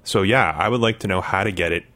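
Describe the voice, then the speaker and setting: A man joining a podcast as a guest, joking in quick banter. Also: sits low, sharp tone. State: out of breath from running. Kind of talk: casual chat.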